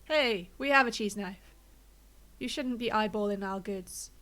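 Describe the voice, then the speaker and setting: A woman's voice: mid-range voice, measured pace, a bit bright. Chatty woman streaming a game. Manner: chatty, thinks aloud, narrates own choices. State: slightly out of breath, blocked nose. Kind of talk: casual gameplay commentary.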